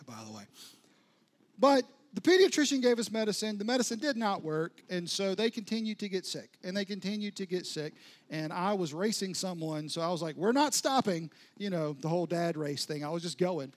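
A man's voice: sits high, lively intonation, normal speed. A pastor telling a humorous, self-mocking personal story during a sermon, acting out his own past words.

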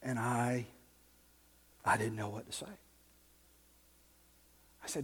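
A man's voice: mid-range voice, little pitch movement, slow, pauses often, fairly bright tone, husky, big-room sound. A man, a pastor telling a family story in a sermon that builds into impassioned preaching.

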